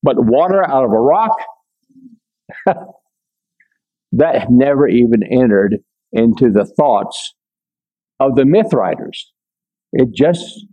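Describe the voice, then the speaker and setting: An older man giving a conversational Bible lesson, reading scripture aloud and breaking off to explain it, with frequent pauses and check-ins with his listeners. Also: medium pitch, lively intonation, warm tone, low-quality recording. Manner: many fillers and restarts, checks in with listeners. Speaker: Bible teacher.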